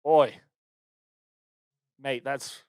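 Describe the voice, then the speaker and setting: A man's voice: mid-range voice, fairly even intonation, drawn-out words, darkish tone, clear, resonant tone, no echo, studio quality. A man voicing a fussy male pub drinker who scolds in a put-on British accent and stammers in disapproval. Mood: disapproving.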